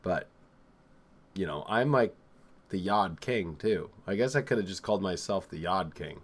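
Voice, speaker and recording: A man hosting a live astrology show, talking in a rambling, excitable and profane way, swinging from loud outbursts to low mutters. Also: normal speed. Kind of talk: live-streamed casual astrology talk.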